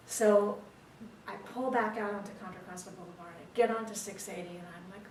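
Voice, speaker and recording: A woman telling a dramatic personal story at a speaking club, animated and pausing for effect. She is picked up from a distance in a roomy meeting room, with faint ambience underneath. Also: mid-range voice, a little hiss or hum.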